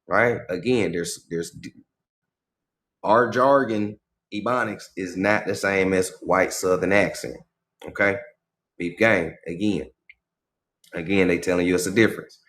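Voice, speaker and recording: A man hosting a livestream, reading a book aloud and breaking off into casual, slangy commentary and loud, high exclamations. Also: moderate pace. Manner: casual, slangy asides between read passages. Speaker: livestream host.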